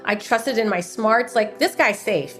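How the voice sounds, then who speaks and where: A woman's voice: on the high side, measured pace, soft background music. A woman guest author telling an emotional personal story of faith in a casual interview. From United States. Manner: animated, personal testimony with faith talk.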